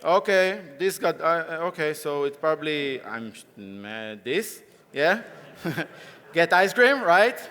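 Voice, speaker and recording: Brief: male conference speaker, high and slow-paced, playful, laughs a lot, roomy hall sound with crowd. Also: lively intonation, sharp tone, clear, resonant tone. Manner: playful, laughing often, directing volunteers. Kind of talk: live coding talk on stage. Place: conference stage. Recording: echoey conference hall with audience.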